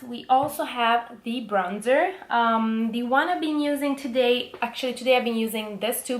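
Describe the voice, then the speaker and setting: Young Italian-accented woman vlogger, chatty and upbeat, slightly higher voice, roomy sound. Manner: chatty, enthusiastic, frequent ums. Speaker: beauty vlogger. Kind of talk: casual makeup product talk.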